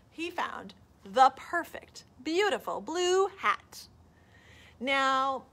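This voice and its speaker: A woman librarian reading a picture book aloud at a children's storytime, animated and asking the kids questions. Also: high voice.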